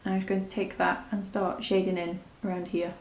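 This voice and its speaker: A woman's voice: lowish voice, little pitch movement, brisk, darkish tone, reverberant, slight background noise. A woman talking through a makeup tutorial in a chatty, rambling, self-deprecating way. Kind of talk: casual step-by-step tutorial narration.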